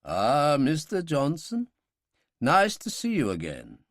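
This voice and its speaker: A man voicing a suave, menacing baron with a deep, pleasant voice and a hint of a German accent. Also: huge pitch swings, takes it slowly, no echo, clean studio sound, heavily acted. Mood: smooth menace. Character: older male baron, suave menacing villain.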